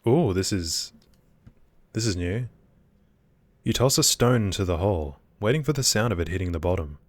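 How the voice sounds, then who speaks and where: Deep-voiced man reading a horror game. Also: moderate pace, no room sound. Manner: reads game text, breaks off with excited reactions. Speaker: gaming video creator. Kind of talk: reading a horror visual novel aloud.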